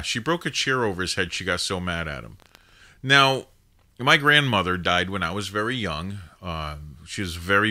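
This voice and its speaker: Animated, forceful man in his fifties telling a story. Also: lowish voice. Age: 50s. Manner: rambling, digressive, with frequent "now" and "you know" asides. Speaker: host of a live call-in show. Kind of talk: casual anecdotal storytelling.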